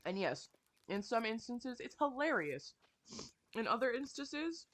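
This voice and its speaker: A young woman ranting casually while she plays a game, swearing often and sounding animated and exasperated. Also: a little high, a little slow.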